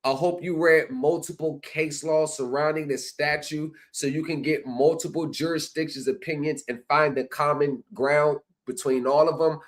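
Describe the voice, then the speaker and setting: A man's voice: fairly high pitch, steady tone, moderate pace, few pauses. A man hosting a livestream, lecturing his viewers with repeated rhetorical phrases. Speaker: streaming commentary host. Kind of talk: livestream commentary.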